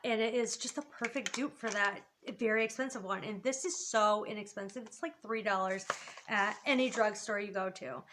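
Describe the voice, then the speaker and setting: A woman's voice: on the high side, bright, forceful tone, slight background noise. A young woman reviewing her favorite beauty products in a vlog, gushing with enthusiasm. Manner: gushing, enthusiastic, lots of "so" and "just". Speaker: beauty vlogger.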